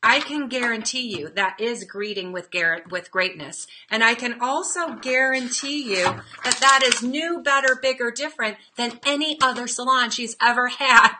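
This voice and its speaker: A woman's voice: on the high side, normal speed, few pauses, noisy background. A woman hosting a live-streamed front desk training talk, upbeat and chatty. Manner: upbeat and chatty, with lively role-play asides.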